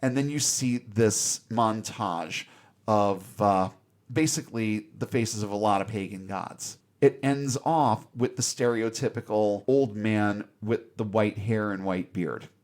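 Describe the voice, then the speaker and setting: A man's voice: on the low side, a little slow, a little mellow. Wry, sarcastic male podcast co-host. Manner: wry, sarcastic retelling with mock asides. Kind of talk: casual film review chat.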